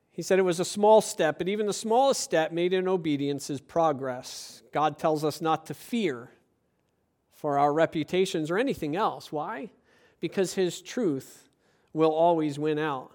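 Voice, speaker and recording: Male pastor, high voice, animated sermon delivery with acted-out asides. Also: unhurried. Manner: lively, acts out quoted voices, rising to emphatic preaching.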